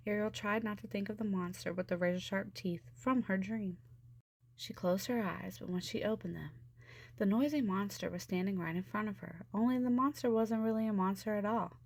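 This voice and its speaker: A woman's voice: mid-range voice, creaky, no echo. Woman reading a storybook aloud. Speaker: storybook reader.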